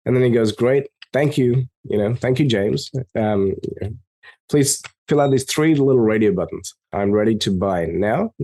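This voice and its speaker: A man being interviewed as a software company co-founder, telling stories and acting out the dialogue in a raised voice. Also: medium pitch, normal speed. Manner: animated, acts out quoted dialogue in a raised voice. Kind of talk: storytelling in an interview. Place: lives in Melbourne.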